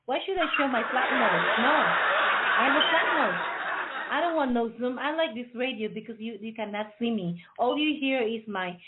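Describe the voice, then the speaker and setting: A woman's voice: on the high side, moderate pace, very noisy. A woman hosting a radio show, chatting casually and jokingly before it starts, rambling and laughing at her own jokes. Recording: tinny phone-like line.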